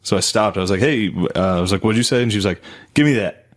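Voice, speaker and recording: A man's voice: fairly low pitch, racing. A young man co-hosting a comedy podcast, rambling through profane stories with lots of fillers. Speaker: podcast co-host. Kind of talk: casual comedy chat.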